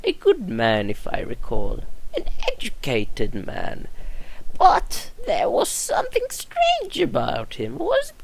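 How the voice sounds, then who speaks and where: A fretful old woman asylum caretaker, as a woman puts her on for a game walkthrough, high and quavering with slow, fussy phrasing. The voice swoops about with lively pitch, well above the player's own very deep tone. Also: vocal fry, slight background noise, exaggerated voice, low-quality recording. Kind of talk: reading game dialogue aloud.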